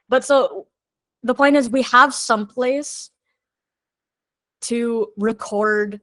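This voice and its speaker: Unhurried woman songwriter, candid and chatty. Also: on the high side, fairly bright tone, no room sound. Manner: chatty and candid, thinking aloud. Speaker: songwriter guest. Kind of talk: candid podcast conversation.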